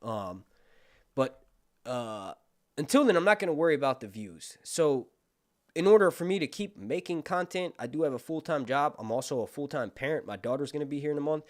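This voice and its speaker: Man, livestream host, casual commentary, lively pitch, chatty, swears freely. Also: a little fast. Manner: animated, profane, chatty. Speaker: YouTube host.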